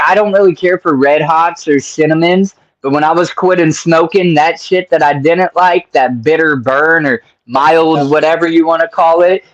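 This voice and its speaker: A man with a somewhat high voice talks in a loose, rambling way, swearing and tossing in "bro". He is hosting a casual interview chat. The sound is muffled and lo-fi. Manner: rambling, profane, keeps saying "bro". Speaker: podcast host.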